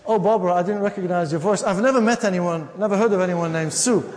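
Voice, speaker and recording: Male lecturer reads a prim talking answering machine; high voice, long hall reverb. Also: fast, darkish tone, natural voice. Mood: flustered. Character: polite evasive male answering machine, flustered.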